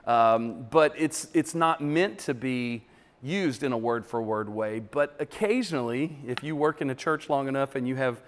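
A man who creates children's ministry material, chatting casually in a relaxed, rambling way with frequent restarts. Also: mid-range voice, normal speed, in a large hall. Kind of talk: casual interview chat.

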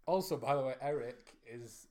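A man's voice: medium pitch, moderate pace, darkish tone. A man co-hosting a casual chat, talking hesitantly with many fillers and restarts while he explains history. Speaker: podcast co-host presenting history.

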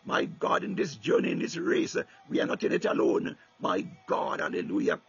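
A man's voice: medium pitch, wildly swooping pitch, normal speed, gravelly, slightly rough, dull audio. A man preaching a sermon with fervor, repeating "my God" and "hallelujah" between phrases and breaking into tongues.

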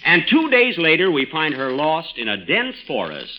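A man's voice: on the high side, huge pitch swings, normal speed, pushed and bright. A man narrating a 1940s-style radio comedy, making chummy asides to the audience. The recording is old and noisy. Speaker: narrator and host.

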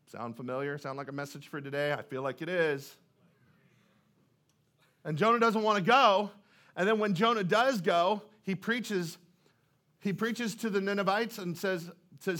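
A man's voice: on the high side, normal speed, long pauses, fairly bright tone. A male pastor preaching a sermon in a church, in a conversational way, often putting questions to the congregation.

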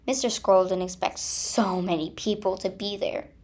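A woman reading a children's story aloud and closing her channel video, with expressive, dramatic delivery. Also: mid-range voice, normal speed.

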